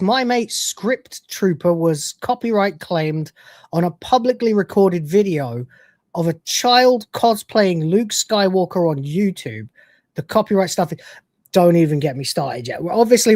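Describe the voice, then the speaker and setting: A woman's voice: lowish voice, a little mellow, no room sound, studio quality. A British woman hosting a livestream, reacting to clips and reading super chats, swearing a lot, often exasperated, and laughing often. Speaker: host.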